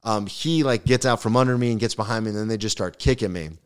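The fast, smooth delivery and fairly low pitch belong to a young man guesting on a podcast. His comedic story is animated and heavy on profanity, with the quotes acted out.

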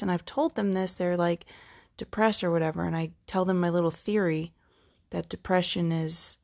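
A woman's voice: on the low side, creaky, a little mellow. A woman talking to camera in a casual, candid and profane monologue, slipping often into quoted self-talk, emotionally worn. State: emotionally worn, crying daily.

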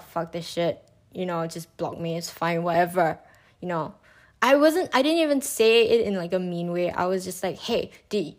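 A young woman casually telling a personal story, swearing freely and getting loud and high when she acts out other people. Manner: animated, rising pitch when mimicking, swears freely.

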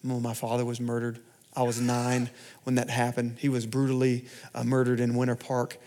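A man giving a personal sermon testimony in church, storytelling with big swings between loud and hushed delivery. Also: mid-range voice, monotone, moderate pace, slight background noise. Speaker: pastor.

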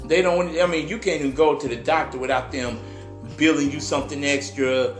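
A man's voice: a little high, steady tone, brisk, roomy sound, faint music behind. A man, co-hosting a casual podcast, joking and laughing often. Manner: joking, laughs often, puts on voices for quips. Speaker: podcast co-host.

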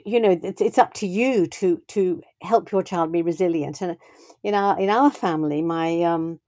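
An older woman speaks in a warm, mellow voice, recorded dry and close. She tells her stories thoughtfully, circling back with restarts and "you know" as she talks about raising children. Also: on the low side, no room sound. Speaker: guest speaking on parenting. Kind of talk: reflective conversational storytelling.

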